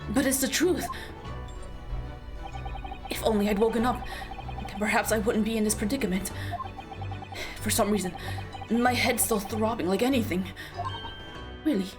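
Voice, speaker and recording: A woman voicing an earnest, flustered young male lawyer while reading game dialogue aloud, with halting, apologetic speech. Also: mid-range voice, over music, close to an everyday voice. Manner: halting, apologetic, then insistent.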